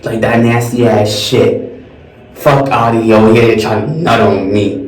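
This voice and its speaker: A young man telling a crude, animated storytime in a vlog, with shrill mocking quotes. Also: measured pace. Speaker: vlogger. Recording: echoey room, far from mic, faint music.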